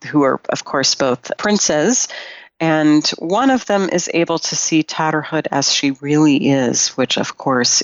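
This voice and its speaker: A woman's voice: deep voice, no room sound, muffled recording. A woman guest on a podcast, a Jungian analyst, retelling a fairy tale in a thoughtful way with frequent fillers.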